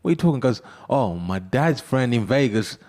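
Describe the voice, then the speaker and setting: A man, a boxer being interviewed, joking and telling animated stories with frequent laughter. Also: mid-range voice, normal speed. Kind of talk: casual interview banter.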